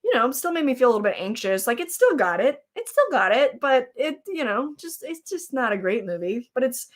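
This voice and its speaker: A woman with a high voice and big pitch swings talks fairly quickly while hosting a casual live stream. She rambles about horror movies, reacts to chat with fillers and laughs, and snacks as she talks.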